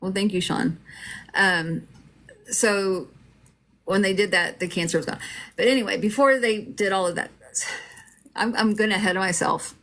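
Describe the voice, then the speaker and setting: A woman's voice: medium pitch, normal speed, long pauses, fairly bright tone. A middle-aged woman telling her own story in a casual, rambling way, with lots of fillers and restarts.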